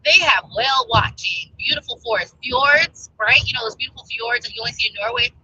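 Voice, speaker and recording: Bright, chatty American woman. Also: a little high, fairly quick, a little hiss or hum, low-quality recording. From United States. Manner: rambling, chatty, many fillers. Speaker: travel vlogger. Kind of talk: casual chat.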